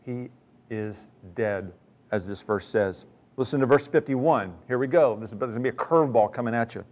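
A man's voice: medium pitch, fairly quick, darkish tone, highs cut off. A man preaching a sermon in a conversational way, reading scripture with rising emphasis. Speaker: pastor.

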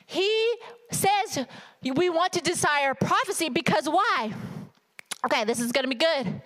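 Woman preacher, high voice, lively and funny, talks right at the room. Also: slow pace, pauses often. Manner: animated, humorous, talks to the congregation directly. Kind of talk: sermon.

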